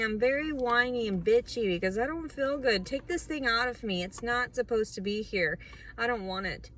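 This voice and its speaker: A vlogger records a confessional video diary, pouring out raw distress at a moderate pace. She repeats phrases and swings between low murmurs, whispers and sharp outbursts, over a rough recording with a little hiss or hum.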